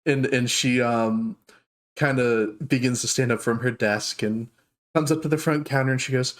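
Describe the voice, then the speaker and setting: A man's voice: medium pitch, moderate pace. Man in mid register, game master narrating a tabletop scene, loose with "um"s. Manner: relaxed, filler-heavy narration.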